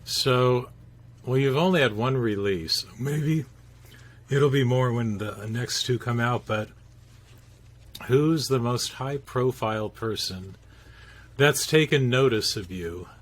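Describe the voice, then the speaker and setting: A man's voice: medium pitch, takes it slowly. A man hosting a podcast, asking curious interview questions.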